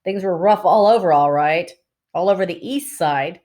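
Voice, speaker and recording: A woman with a lowish voice reads a novel aloud, chapter by chapter. Her narration is steady and plain. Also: moderate pace. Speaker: reader.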